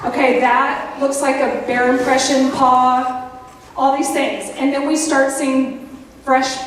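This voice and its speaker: A woman preacher, giving a sermon in a folksy, animated storytelling way with playful asides to the congregation. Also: high-pitched, slow pace. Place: church sanctuary. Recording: echoey hall, voice from a distance with background noise.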